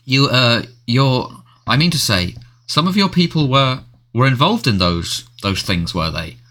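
A man's voice: medium pitch, expressive, unhurried, sharp tone, voice pushed up. A man reading aloud, voicing a flustered middle-aged male prime minister who stammers and answers stiffly.

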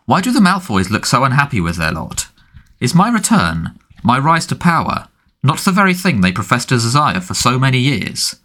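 A man reading an audiobook, voicing a cold, menacing male dark lord who speaks in a quiet, thoughtful, hissing tone. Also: mid-range voice, sing-song, moderate pace, pitched above the performer's own voice. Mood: cold menace.

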